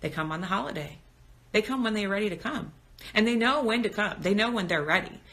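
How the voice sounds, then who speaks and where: Brisk and expressive, a woman in her thirties with a medium-pitched, fairly bright voice hosts a casual phone live stream on Instagram as a birth educator. She talks openly and at length, reading out viewer comments and responding.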